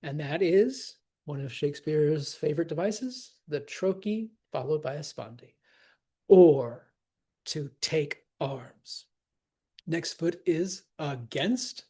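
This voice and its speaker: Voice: medium pitch, animated, unhurried, hardly any pauses, warm tone, breathy edge. A teacher explaining poetic meter in a casual, enthusiastic way, laughing now and then. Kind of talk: scansion lesson.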